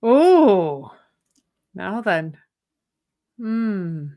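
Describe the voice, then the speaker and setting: A woman co-hosting a podcast muses aloud in a thoughtful, rambling, casual conversation, laughing easily. Her mid-range voice is warm, very slow, and swings widely in pitch.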